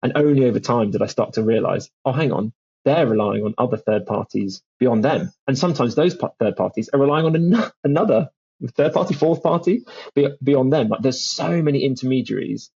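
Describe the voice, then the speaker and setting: Gravelly man, chatty storyteller. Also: mid-range voice, lively intonation, brisk, a little mellow, lo-fi sound. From England. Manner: chatty storyteller, lots of "like" and restarts. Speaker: guest, music publishing founder. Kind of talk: conversational podcast interview.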